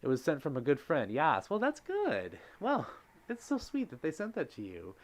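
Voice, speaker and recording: A man's voice: fairly high pitch, huge pitch swings, moderate pace. A man hosting a casual live stream, reading chat comments aloud and reacting in an effusive, gushing way. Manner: gushing, effusive, exclaims often.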